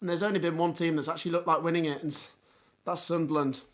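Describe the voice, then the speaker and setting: A man hosting a live football watchalong, hoarse with his voice going, reacting in excited exclamations. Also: a little high, quick pace. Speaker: livestream watchalong host.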